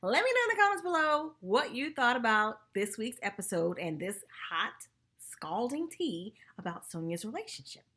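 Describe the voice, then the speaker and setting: An excitable woman dishes on a reality show episode in a loose, gossipy vlog. Her voice sits a little high and sounds bright and tense. Her pitch swoops all over as she chatters. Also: moderate pace, husky. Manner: animated, chatty, says "y'all" and "like" often. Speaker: TV recap vlogger. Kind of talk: casual gossipy episode review.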